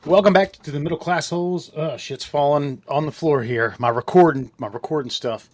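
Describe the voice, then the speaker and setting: A man's voice: a little high, moderate pace, a little mellow. A man hosting a comedy podcast in a loose, joking way, swearing and stumbling over his words. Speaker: podcast host. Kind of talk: casual comedic podcast chat.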